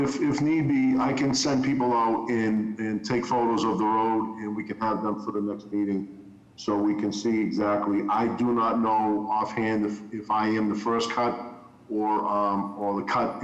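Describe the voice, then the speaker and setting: A man's voice: on the low side, level tone, normal speed, echoey room, highs cut off. Businesslike man answering at a hearing. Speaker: utility company representative. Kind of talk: public hearing testimony.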